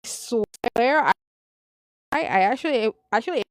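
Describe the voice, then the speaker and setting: A woman's voice: fairly high pitch, lively intonation, moderate pace, no room sound, clean studio sound. A woman reading a story aloud and rambling into side comments, with many restarts and the odd Spanish exclamation. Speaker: story reader.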